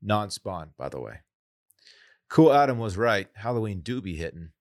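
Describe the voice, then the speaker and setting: A man's voice: lowish voice, sing-song, moderate pace, no echo, clean studio sound. A man co-hosting a sports podcast, casual and wry, reading headlines aloud. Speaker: podcast co-host.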